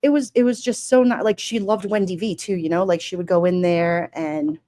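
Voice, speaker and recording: A woman with a slightly low voice talks casually on a livestream. Her words ramble and loop back, full of feeling and on the edge of tears. She stops now and then to read chat comments aloud. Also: fairly even intonation, moderate pace, warm tone. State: emotional. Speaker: livestream host. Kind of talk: casual livestream memorial talk.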